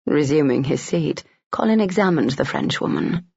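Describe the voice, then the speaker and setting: Male narrator for a romance audiobook, steady and gravelly, on dull lo-fi audio. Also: on the high side, a little slow, dry recording.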